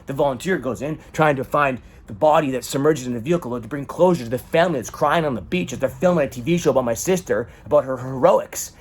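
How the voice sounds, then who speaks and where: A man's voice: mid-range voice, quick pace, hardly any pauses, breathy edge. A man in an emotional personal monologue, talking dramatically and swearing often. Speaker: vlogger.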